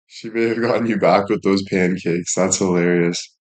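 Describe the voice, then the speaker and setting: A man's voice: low voice, steady tone, moderate pace, darkish tone. A young man chatting casually on a live stream, thanking viewers and joking crudely with plenty of swearing. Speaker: livestreamer.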